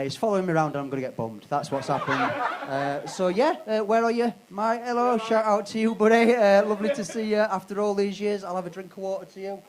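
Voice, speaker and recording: A man's voice: high voice, noisy background. A man doing live stand-up on a comedy club stage, brash and sweary, teasing the crowd.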